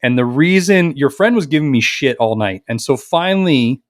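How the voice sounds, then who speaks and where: A man from the Las Vegas area co-hosting a podcast, telling a wild story in a boisterous, animated way and acting out the dialogue. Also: medium pitch, moderate pace, no echo, clean studio sound. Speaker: podcast co-host. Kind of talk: casual storytelling chat.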